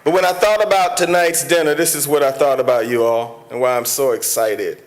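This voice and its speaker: A man's voice: mid-range voice, fairly quick. A man, a mayor giving a preacherly banquet speech from a podium that builds to impassioned peaks. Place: large banquet hall with an audience.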